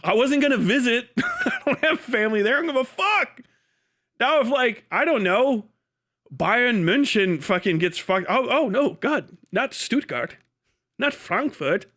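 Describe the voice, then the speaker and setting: A man's voice: extremely high pitch, big pitch swings, measured pace, a bit bright. A man hosting a livestream, ranting heatedly and profanely, mocking and breaking into laughs. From United States. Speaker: livestream host.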